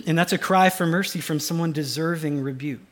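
A pastor preaching a sermon, swinging from loud urgency to a hushed, almost whispered delivery. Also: male voice, fairly high pitch, normal speed. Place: church sanctuary.

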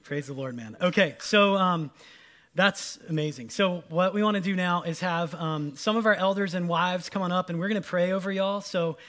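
High-voiced pastor leading a service. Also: male voice, moderate pace. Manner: relaxed, informal, speaks directly to the congregation.

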